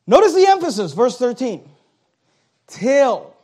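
A middle-aged man preaching a sermon as pastor, emphatic, dropping now and then to a hush. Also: very high voice, sing-song, measured pace.

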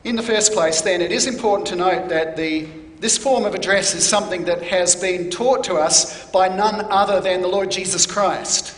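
A man preaching a sermon in a measured, deliberate teaching manner, stressing key words. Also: high voice, fairly even intonation. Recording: echoey hall.

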